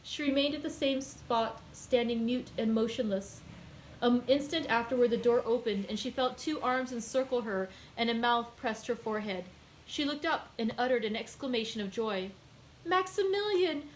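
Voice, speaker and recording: A woman librarian reads a classic novel aloud in a clear, measured storytelling voice. Her voice sits a little higher than most. Faint noise hums underneath the recording. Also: rough recording. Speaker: librarian hosting a daily read-aloud.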